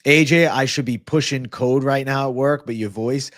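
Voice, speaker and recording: A man's voice: mid-range voice, moderate pace, a bit bright, no room sound, studio quality. A young man hosting a live MMA and fitness stream, chatting casually, swearing and thanking viewers. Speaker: livestream host.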